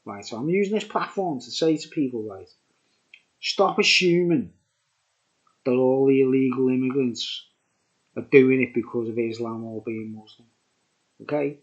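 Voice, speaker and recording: A man's voice: medium pitch, moderate pace, a little mellow, dull audio. Tipsy man rambling to camera. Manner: rambling, repetitive, keeps adding "mate" and "right?". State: tipsy from drinking. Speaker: vlogger reviewing beer. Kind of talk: rambling casual monologue to camera.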